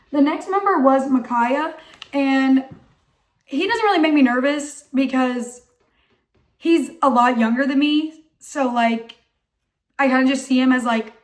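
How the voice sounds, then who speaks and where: A young woman vlogger tells a story in a high, hoarse voice that's still rough and hasn't fully recovered. She's excited and chatty, saying "like" constantly.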